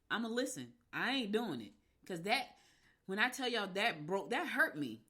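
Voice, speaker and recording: A middle-aged woman from Newark hosting a radio show, talking in a casual, animated, candid way and swearing freely. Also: medium pitch. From Newark, New Jersey. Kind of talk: casual personal monologue.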